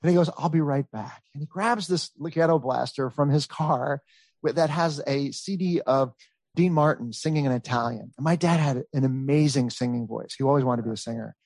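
A man in his thirties telling a long family story in casual chat, rambling and animated, with many fillers. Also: mid-range voice, brisk, dry recording. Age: 30s. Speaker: storyteller guest.

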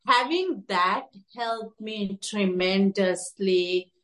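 A woman therapist speaking earnestly in halting second-language English, with many fillers and restarts. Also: mid-range voice, a bit bright. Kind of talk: conversational interview.

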